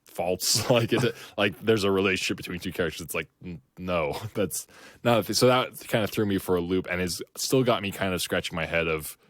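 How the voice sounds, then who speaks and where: A man's voice: deep voice, brisk, a bit bright, no room sound. A man co-hosting a podcast, talking casually and rambling with lots of fillers and restarts. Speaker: podcast co-host. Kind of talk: casual chat.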